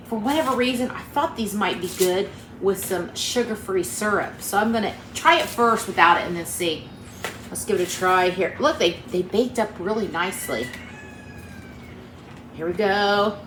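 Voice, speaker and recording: A woman's voice: mid-range voice, a bit bright. A woman with an Appalachian accent hosting a casual cooking vlog from her home kitchen, chatty, homey and upbeat, talking to viewers like friends. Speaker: cooking channel host. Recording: roomy kitchen with faint background hum.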